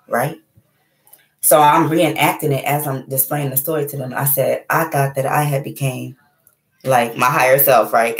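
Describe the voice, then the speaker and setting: A woman in her thirties telling a personal story in a casual monologue, candid and animated, swearing freely and often checking in with "right?". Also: very deep voice, echoey room.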